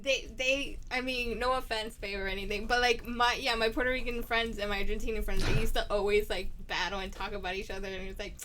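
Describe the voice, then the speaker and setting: A woman from New York City with a New York accent, hosting a casual podcast chat and often trailing off into soft asides. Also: medium pitch, fairly even intonation, brisk, few pauses, a little hiss or hum. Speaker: podcast host.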